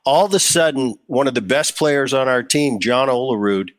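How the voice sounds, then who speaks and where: A man's voice: mid-range voice, moderate pace. A middle-aged man hosting a podcast, telling stories in casual chat and acting out what others said. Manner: storytelling, animated, quotes others. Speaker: podcast host.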